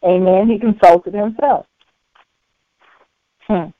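Woman preacher, unhurried sermon cadence with frequent amens; thin phone-line recording. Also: medium pitch, fairly even intonation, a little hiss or hum. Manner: slow, repetitive, with frequent amens. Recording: tinny phone-like line, dry.

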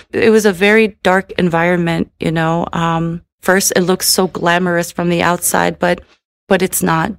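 A middle-aged woman tearfully shares an emotional personal testimony, repeating "you know" again and again. Her voice is lowish and creaky, in a dry, studio-quality recording.

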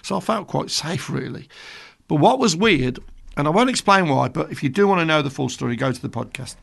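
A man's voice: a little high, animated, brisk, gravelly, fairly bright tone, husky. A man in his sixties from Birmingham, a radio presenter chatting between songs and telling a rambling story with self-amused asides. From England. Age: 60s.

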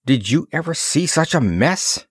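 A man's voice: a little high, very animated, measured pace, breathy edge, dry recording, studio quality, voice pushed up, exaggerated voice. A man voicing a firm, emphatic expedition leader.

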